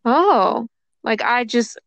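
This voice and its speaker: A woman's voice: on the high side, animated, slow, no echo. A woman chatting as a podcast co-host over a speakerphone call, easygoing and musing, laughing often. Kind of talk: casual fan chat.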